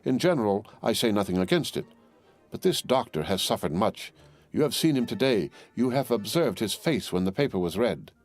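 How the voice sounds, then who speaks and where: A man's voice: fairly low pitch, expressive, moderate pace, soft background music. A man doing a troubled, hesitant wine-shop keeper. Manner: hesitant, deprecatory.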